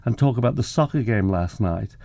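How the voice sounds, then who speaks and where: With a fairly low, creaky, warm voice, this older English photographer and professor speaks briskly and expressively. In a relaxed interview he shares self-deprecating anecdotes and performs the quoted dialogue, captured on a dry recording.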